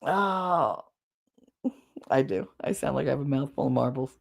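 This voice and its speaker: Low-voiced woman chatting on a livestream. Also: measured pace, vocal fry. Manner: rambling, candid, swears casually. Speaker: livestream host. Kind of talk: casual chat with live chat.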